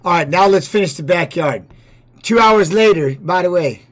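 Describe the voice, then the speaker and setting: A man with a high voice talks on a livestream in a loose, rambling way, swearing freely. He shifts between commenting on a fight and telling candid stories from his own life. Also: lively intonation, moderate pace. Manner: candid personal storytelling. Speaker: streamer and former fighter. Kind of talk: casual livestream chat.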